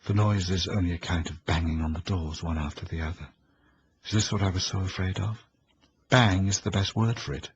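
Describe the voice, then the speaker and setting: A man's voice: deep voice, a little fast, husky, highs cut off. A man reading frightened young woman Eleanor. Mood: uneasy. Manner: tense, fearful inner voice. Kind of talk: audiobook reading.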